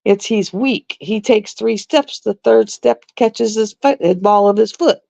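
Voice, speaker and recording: A woman's voice: mid-range voice, unhurried, creaky, mellow, no echo. A middle-aged woman, a nurse, chatting bluntly and with exasperation on a casual live stream. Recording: dull lo-fi dry live-stream audio.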